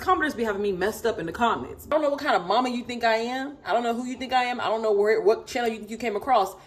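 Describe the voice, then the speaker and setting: A woman in her thirties, a mother of four, ranting to camera in an emphatic, sassy way and repeating herself for stress. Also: mid-range voice.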